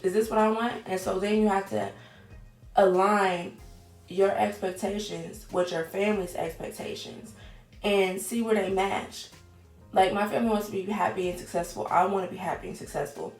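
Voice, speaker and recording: A woman's voice: mid-range voice, fairly even intonation, normal speed, a little mellow. A woman, candidly chatting to camera in a casual vlog, swearing now and then. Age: 20s. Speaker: vlogger. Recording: echoey room with faint music.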